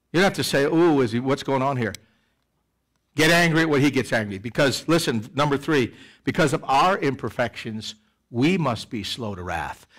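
A middle-aged pastor with a mid-range voice preaches a sermon in a church sanctuary. He's animated, swinging between loud emphasis and quiet asides.

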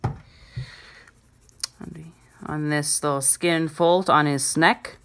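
A woman's voice: low voice, steady tone, extremely slow, fairly bright tone. A woman hosting a drawing channel, giving a casual, chatty and self-deprecating drawing tutorial.

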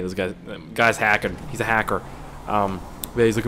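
A man's voice: on the low side, expressive, quick pace, fairly bright tone, slight background noise. A young man chatting casually while playing a game, rambling and profane, jumping between stories and the action. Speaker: gaming YouTuber. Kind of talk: casual gameplay commentary.

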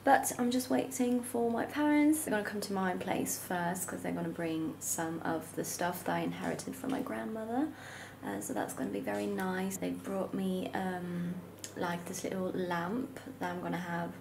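Chatty young woman with a gravelly voice. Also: on the low side, lively intonation, moderate pace, few pauses, background noise. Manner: chatty, often dropping to a near whisper. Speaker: vlogger. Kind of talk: casual self-filmed vlog chat. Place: her home. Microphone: camera held by herself.

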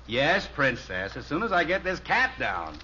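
An actor playing a cheerful, patient father in 1950s radio acting, good-humored and coaxing, on a dull old radio recording with loud hiss. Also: a little high, big pitch swings, normal speed, heavily acted. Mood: easygoing. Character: cheerful patient suburban father, grown man.

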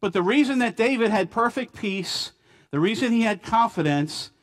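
A man with an American accent preaching a sermon in a church, stressing key words by repeating them and swinging between loud and quiet. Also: sits high, animated, normal speed. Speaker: pastor. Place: church sanctuary.

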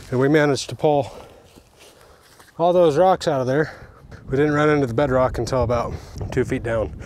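Energetic man talking while digging outdoors. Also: medium pitch, moderate pace, long pauses, a little hiss or hum. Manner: energetic, exclaiming, breathing hard while digging. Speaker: fence installer testing tools. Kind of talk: casual product test while working. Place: outdoors on hard clay ground.

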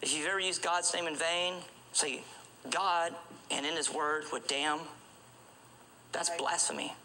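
High, bright-voiced urgent male preacher. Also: steady tone, measured pace, slight background noise, poor audio. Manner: urgent, repetitive, restarts often, asks rhetorical questions. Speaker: street evangelist preacher. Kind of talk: evangelistic sermon.

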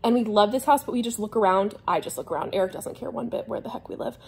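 A woman's voice: medium pitch, quick pace, creaky, a little mellow, slightly rough. A young adult woman chatting casually to camera from her couch at home, rambling and a little scattered as she shares house updates. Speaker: vlogger. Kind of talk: casual vlog chat. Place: home living room couch.

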